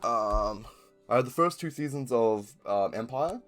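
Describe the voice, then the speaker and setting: A man's voice: mid-range voice, expressive, measured pace, fairly bright tone, faint music behind. A young man with a New Zealand accent chatting casually, rambling with lots of ums and swearing. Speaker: video creator. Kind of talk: casual chat.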